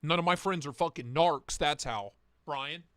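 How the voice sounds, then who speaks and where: A man's voice: fairly high pitch, moderate pace, fairly bright tone, clean tone, no room sound, clean studio sound. A young man hosting a casual livestream, chatting loosely with his viewers, swearing freely and reading their comments aloud. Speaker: livestream host.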